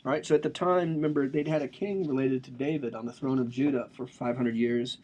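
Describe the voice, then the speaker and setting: A man's voice: medium pitch, fairly even intonation, fairly quick, mellow, a little hiss or hum. A man giving a casual, joking lecture on a religious text, explaining it with slang and asides.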